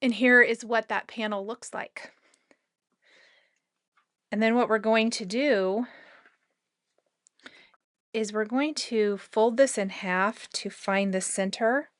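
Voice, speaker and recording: A woman hosting a casual sewing tutorial, talking through each step in a chatty, relaxed way with loose asides. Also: mid-range voice, slow, long pauses, no room sound, studio quality.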